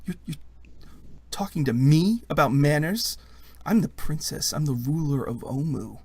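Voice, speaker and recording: A man's voice: fairly high pitch, animated, a little slow, darkish tone, slightly rough, no room sound, exaggerated voice. A man voicing a haughty young bird-person princess in a tabletop game, speaking imperiously. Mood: indignant. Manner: indignant, imperious.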